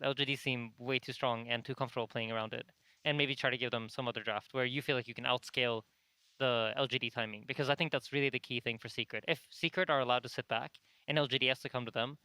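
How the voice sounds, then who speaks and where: Fast, crisp-voiced male analyst. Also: medium pitch, pushed and bright, no echo, poor audio. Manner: confident, rapid analysis. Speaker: esports analyst. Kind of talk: analytical panel talk.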